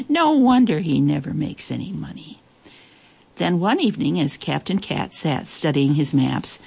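A woman reading a children's story aloud in a lively, expressive way, with playful asides. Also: deep voice, slightly rough.

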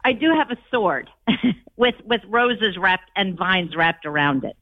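A woman's voice: mid-range voice, expressive, unhurried, dry recording. A woman calling in to a radio show, speaking in a brash, emphatic way. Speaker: caller. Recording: tinny phone line.

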